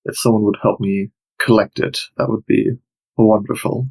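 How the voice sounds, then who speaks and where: A man's voice: on the low side, steady tone, moderate pace, gravelly, darkish tone, poor audio. A man playing a male ship captain who politely asks for help. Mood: requesting. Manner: polite, asking favors.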